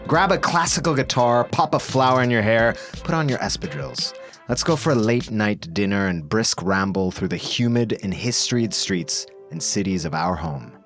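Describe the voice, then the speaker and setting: A man's voice: fairly low pitch, moderate pace, a bit bright, soft background music. A man co-hosting a podcast, reading scripted narration in a playful, upbeat way. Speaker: podcast co-host.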